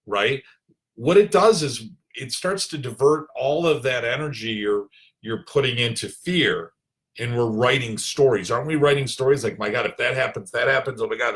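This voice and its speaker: A man's voice: mid-range voice, fairly bright tone. A man, a chiropractor, talking reflectively to camera from his home office, with many fillers and restarts. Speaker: chiropractor and coach. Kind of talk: casual talk to camera.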